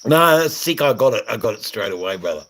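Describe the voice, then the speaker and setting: A man's voice: medium pitch, very animated, quick pace, a bit bright, poor audio. A middle-aged Australian man hosting a casual livestream, rambling and joking crudely to his viewers with many fillers. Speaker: livestream host. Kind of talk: casual livestream chat reading viewer comments.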